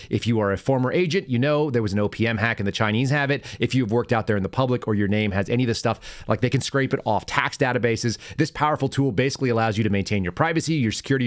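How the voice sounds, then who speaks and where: Male podcast host, ex-agent, low voice, rapid-fire rambling stories. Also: no room sound, studio quality. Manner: rapid, rambling anecdotes with self-corrections. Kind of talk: casual podcast chat and storytelling.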